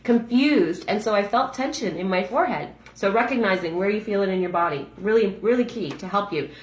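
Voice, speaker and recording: Gentle, halting woman in an echoey room. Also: mid-range voice, animated. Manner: gentle, halting, with frequent restarts and fillers. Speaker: massage therapist and breathwork facilitator. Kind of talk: reflective daily-reading talk.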